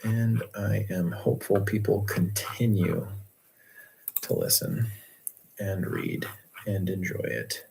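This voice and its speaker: A man's voice: low voice, very animated, takes it slowly, vocal fry, long pauses, a little mellow, husky, soft background music. A man, an author hosting his own livestream, chatting casually and rambling with lots of restarts about his audiobook.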